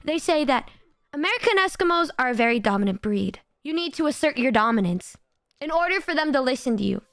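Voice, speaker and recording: A young woman streamer chatting casually with her viewers, animated and swearing, often breaking into laughs. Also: sits high, fast, dry recording, clean studio sound.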